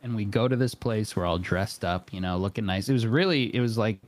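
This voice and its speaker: A man's voice: lowish voice, fairly quick, no room sound. A man, a podcast guest, telling a long story casually with lots of fillers and frequent laughter. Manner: animated, laughing often, many fillers.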